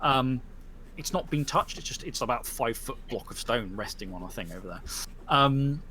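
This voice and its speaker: A man's voice: medium pitch, lively intonation, normal speed, bright, forceful tone, a little hiss or hum. A man narrating as game master in a tabletop game, describing scenes with many fillers and restarts.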